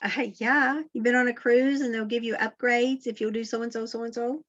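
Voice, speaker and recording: A woman's voice: a little high, fairly even intonation, moderate pace, fairly bright tone, muffled recording. Earnest woman giving a faith talk. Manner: earnest, encouraging, asks the listener questions. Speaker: Christian motivational speaker.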